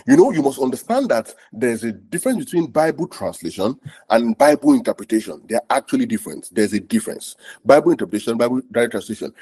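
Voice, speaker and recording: A man's voice: mid-range voice, mellow, breathy edge, dry recording. A man preaching a sermon, explaining scripture verse by verse, repeating himself and asking the audience questions.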